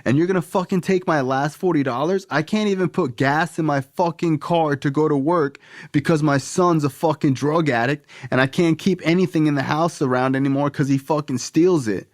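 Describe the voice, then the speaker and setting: Man doing a raging, foul-mouthed dad, high strained yell, dry close sound. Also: moderate pace, no room sound, close to an everyday voice. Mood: enraged. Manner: yelling, profane, accusing. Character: furious middle-aged father screaming at his son.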